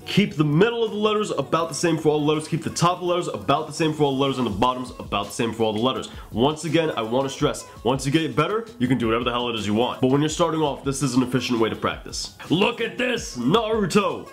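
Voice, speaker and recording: A man's voice: mid-range voice, very fast, hardly any pauses, faint music behind. A man giving casual art critiques and tutorial tips, chatty and joking, with profane asides.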